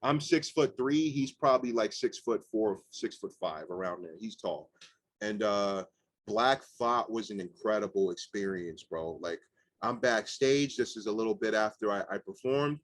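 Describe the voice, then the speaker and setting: A man's voice: fairly low pitch, moderate pace, dry recording. Young man telling stories, dry sound. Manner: animated, swearing, many "like" fillers. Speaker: guest rapper. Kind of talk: casual storytelling interview.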